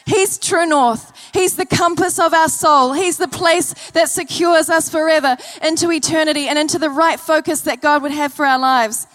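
A woman's voice: sits high, moderate pace, few pauses, a bit bright. A woman preacher delivering an earnest sermon to a church congregation, telling stories and repeating key phrases. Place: church service.

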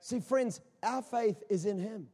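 A man's voice: high voice, unhurried, warm tone, breathy edge. A man preaching a sermon as pastor, impassioned and full of rhetorical questions, repeating phrases for emphasis. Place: auditorium. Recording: long reverb of a large auditorium.

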